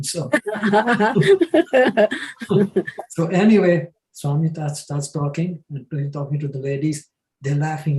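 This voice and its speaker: An older man from New Jersey, a panelist, telling a long personal story in a relaxed, anecdotal way with chuckles. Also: a little high, echoey room, low-quality recording.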